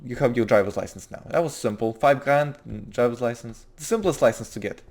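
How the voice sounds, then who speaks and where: A man's voice: medium pitch, brisk, gravelly, a little mellow. A man from Russia giving casual, rambling gameplay commentary, swearing freely and restarting his sentences. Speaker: gaming video host.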